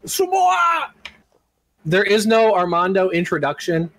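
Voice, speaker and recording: High-voiced man recapping animatedly. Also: measured pace, no echo, rough recording. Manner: animated storyteller, laughs often, shouts impressions. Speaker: podcast co-host recapping wrestling. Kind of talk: casual podcast recap.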